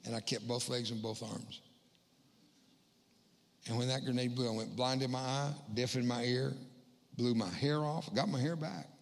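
A middle-aged man giving a humorous spoken testimony as a guest speaker in a church, landing quick self-mocking punchlines. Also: medium pitch, fairly even intonation, a little hiss or hum. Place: church hall. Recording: long hall reverb.

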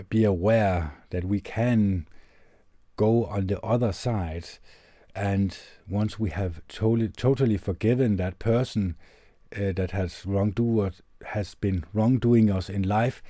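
Guy reading a heartfelt letter on his podcast, low voice, super mellow, dry close sound. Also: no echo. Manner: earnest, measured, gentle delivery. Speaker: podcast host. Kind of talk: reading a letter aloud, then reflective commentary. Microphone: tube condenser studio mic.

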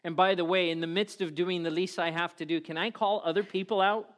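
A middle-aged man preaching a sermon in a church, telling stories with lively acted-out voices. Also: high-pitched, fairly quick. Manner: animated storytelling with acted-out voices. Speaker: pastor.

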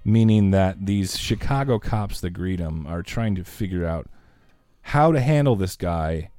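Wry low-voiced man co-hosting. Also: expressive, unhurried, dark tone, no echo. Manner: wry, dry jokes with playful put-downs. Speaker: podcast co-host. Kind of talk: casual movie-review chat.

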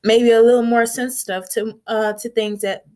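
A woman's voice: fairly high pitch, fairly even intonation, moderate pace, darkish tone. A young woman vlogger talking candidly and earnestly in a conversational way, with frequent filler phrases. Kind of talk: candid personal talk.

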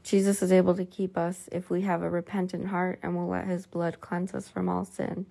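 A woman's voice: lowish voice, flat delivery, moderate pace, gravelly, dark tone. A woman reading a religious book aloud in an earnest, pleading way.

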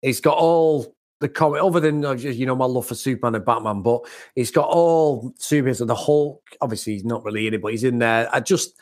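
A man's voice: medium pitch, a little fast, hardly any pauses. A man from England co-hosting a comics podcast, talking casually and with enthusiasm, often laughing and repeating words. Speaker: podcast co-host. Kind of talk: casual chat.

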